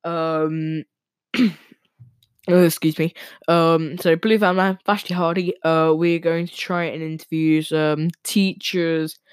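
A male podcast host talking casually and very fast, with lots of ums and restarts. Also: a little high, little pitch movement, clean tone, no echo, studio quality. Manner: talks very fast with many fillers and restarts. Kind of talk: casual solo podcast talk.

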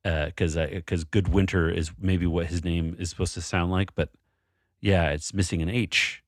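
A man's voice: low-pitched, steady tone, normal speed, dry recording, studio quality. A man co-hosting a casual chat about a word puzzle, thinking aloud and restarting his sentences often. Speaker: co-host solving a word puzzle.

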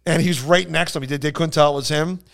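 This man, a stand-up comedian and podcast co-host, has a voice on the high side with a steady, slightly bright tone, vocal fry, and a quick pace. In casual storytelling chat he tells rambling anecdotes full of restarts and acted-out quotes.

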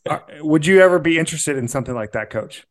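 A man's voice: on the high side, lively intonation, fast. A man co-hosting a sports podcast, asking questions in a casual, jokey way and laughing often. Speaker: podcast co-host.

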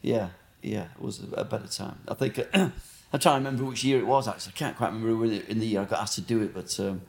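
Fast-talking man, sweary and rambling. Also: fairly low pitch, steady tone, gravelly, darkish tone. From Blackburn, England. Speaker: guest. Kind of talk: casual interview chat. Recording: roomy echo.

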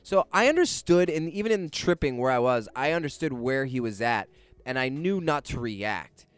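A young man recounts a personal story in a loose, casual way, animated and quick to swear. His voice is smooth and clear, sitting at an ordinary middle pitch. It is recorded close and dry, with no room sound. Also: no echo. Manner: animated, swears freely, laughs through the story.

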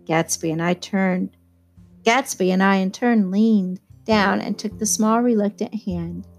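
A woman narrating a classic novel in the first person, with a measured, even storytelling pace in a mid-range voice. A faint guitar plays softly underneath her reading. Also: mid-range voice. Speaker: audiobook reader.

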